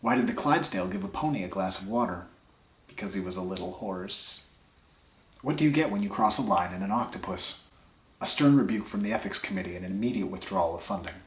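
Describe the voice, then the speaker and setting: A man reading jokes aloud in a deadpan way, trailing off quietly after each punchline, while sick with a dry cough. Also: lowish voice, fast talker. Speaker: comedy vlogger. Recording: echoey room.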